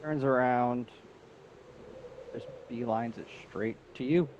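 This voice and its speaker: A man playing a tabletop game, slowly and deliberately describing his character's actions. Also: medium pitch, darkish tone, muffled recording, a little hiss or hum. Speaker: player. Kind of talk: tabletop role-play narration.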